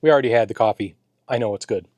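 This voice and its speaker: A man's voice: fairly low pitch, very fast, a little mellow, slight background noise. A man casually reviewing and taste-testing a ration pack at home, talking enthusiastically, sometimes with his mouth full. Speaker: food reviewer. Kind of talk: casual taste-test vlog. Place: home garage.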